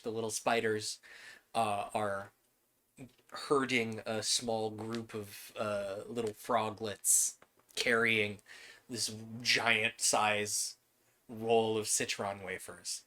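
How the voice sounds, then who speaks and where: A man leading a tabletop game as its game master, describing scenes at an unhurried pace. His voice is bright and forward, and his narration is loose, full of fillers and small chuckles. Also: on the low side, little pitch movement.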